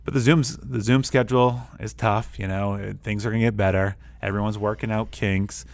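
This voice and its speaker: A male STEM teacher and co-host. He talks in a casual, energetic way, telling classroom stories and acting out what he said. He is recorded in a school STEM lab. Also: lowish voice, normal speed, vocal fry. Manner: energetic storyteller who acts out his own quotes. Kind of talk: casual chat.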